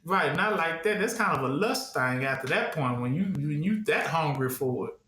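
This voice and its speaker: This man's voice sits fairly high, bright and forceful, with lively intonation and a moderate pace. His Bible teaching is call-and-response: he talks conversationally, repeats himself as he preaches, and leaves rhetorical questions for the audience to complete, all captured with a roomy echo.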